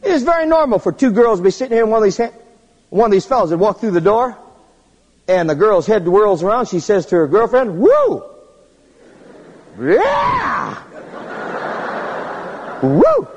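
A man preaching a humorous sermon, telling stories in an animated way and jumping to squeaky high tones for effect. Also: quick pace, in a large hall, highs cut off.

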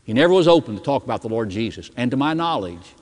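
A man's voice: sing-song, fast. Man preaching a sermon in a hall. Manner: storytelling preacher, dramatic drops in pitch and volume. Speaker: pastor. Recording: long hall reverb.

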